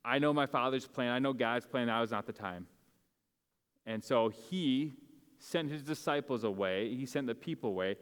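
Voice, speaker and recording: A man preaching a sermon to a congregation in a casual, conversational way, with many fillers and restarts. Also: a little high. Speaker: pastor. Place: church sanctuary. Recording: long hall reverb from a church sanctuary.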